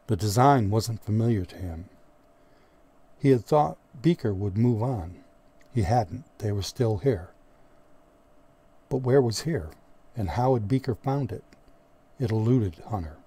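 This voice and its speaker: A male audiobook narrator reading a story in a steady, measured way. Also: fairly low pitch. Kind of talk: scripted narration.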